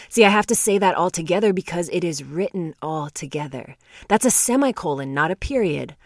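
A woman teaching on scripture in a devotional talk to her viewers, earnest and emphatic, slowing down to stress key words and laughing lightly between points. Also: fairly low pitch, animated, no echo, clean studio sound. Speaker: Bible teacher.

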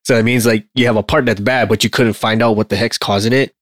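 A man's voice: on the low side, steady tone, fast, no room sound, clean studio sound. A man who works as an aircraft line mechanic, chatting animatedly, swearing freely and laughing often. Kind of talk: casual shop talk.

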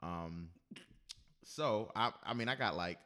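A man hosting a casual chat show. His voice sits low but cuts through with a bright, forceful tone. He jokes and laughs easily as he reads items aloud. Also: lively intonation, slow. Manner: laughing, joking, reads out quotes. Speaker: podcast host.

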